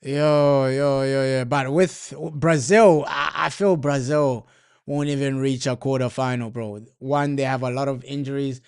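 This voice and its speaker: This mid-range male voice is smooth and steady, moving at a measured pace. Streaming a football watchalong, he talks casually in heavy slang, his live match commentary looping back to frustrated rants about his team's manager.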